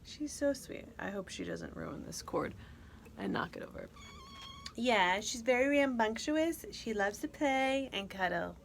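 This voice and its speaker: A woman's voice: on the high side, animated, unhurried, vocal fry, slight background noise. A young woman hosting a podcast in casual, rambling chat, giggling often and cooing in a baby voice now and then. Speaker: podcast host.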